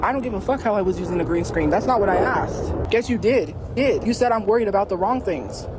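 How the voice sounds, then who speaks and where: Woman ranting on a stream, repeats herself, talks super fast, noisy background. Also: medium pitch, lively intonation. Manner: insistent, repetitive, confrontational. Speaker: livestreamer. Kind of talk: heated livestream argument.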